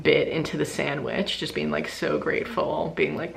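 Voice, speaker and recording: A woman's voice: low voice, very animated, normal speed, gravelly, a little hiss or hum. A young woman vlogging casually to her camera indoors at night, telling stories in a chatty way full of fillers. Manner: chatty, filler-heavy storytelling. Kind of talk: casual vlog talk to camera. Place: indoors at a rented cabin at night. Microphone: handheld camera.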